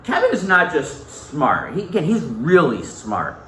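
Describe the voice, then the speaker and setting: Lively male teacher in an echoey classroom. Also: on the high side, a little slow. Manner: animated, repeats key points, asks the class questions. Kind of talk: reading a novel aloud to a class. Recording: echoey classroom, mic far off, faint noise.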